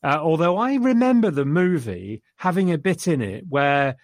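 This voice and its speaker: A man's voice: fairly high pitch, very animated, normal speed, no room sound, clean studio sound. A man chatting casually about a film he enjoyed, rambling enthusiastically and quoting lines. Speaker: podcast co-host reviewing a film. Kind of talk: casual chat.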